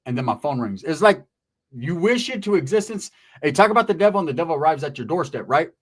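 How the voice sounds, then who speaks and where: A male comedian telling a profane story, rapid and animated, tagging lines with "right?". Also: fairly high pitch, slightly rough.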